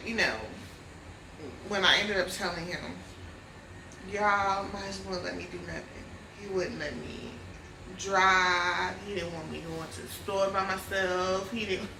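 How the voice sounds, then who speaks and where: A woman vlogger telling a personal story in a lively casual way, often calling her viewers y'all. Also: medium pitch, reverberant, distant mic, noisy background. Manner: animated, addresses viewers as y'all.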